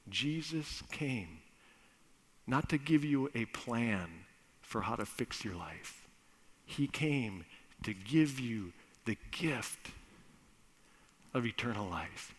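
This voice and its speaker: A man preaching a conversational sermon that builds to loud, emphatic bursts. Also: medium pitch, lively intonation, slow pace, long pauses, a little hiss or hum. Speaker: pastor. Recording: echoey hall.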